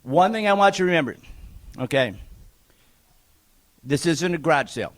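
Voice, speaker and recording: High-pitched guy running a charity auction, jokey, fast bid calls, teasing folks. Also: expressive. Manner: joking, teasing, rapid bid calling. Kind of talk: live charity auction calling.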